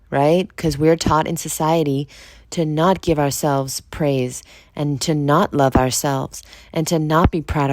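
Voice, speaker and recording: A woman's voice: deep voice, a little mellow, no echo, clean studio sound. A woman hosting a podcast, talking alone in a frank, confessional way, swearing freely and asking listeners direct questions. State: just woke up. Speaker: podcast host. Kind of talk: candid solo monologue.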